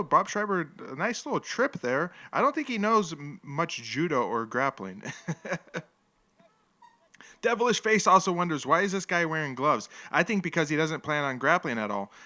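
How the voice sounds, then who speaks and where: A man's voice: mid-range voice, pushed and bright. A man hosting a live stream, casually commenting on an old fight with jokes, rambling asides and frequent laughter. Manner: rambling, joking, laughs often. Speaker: livestream host.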